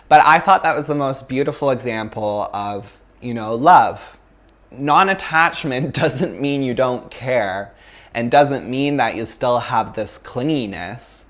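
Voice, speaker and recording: A man's voice: mid-range voice, unhurried, a bit bright. Chatty man teaching yoga. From Canada. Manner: chatty, many fillers, laughs often. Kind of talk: casual philosophy talk in a class.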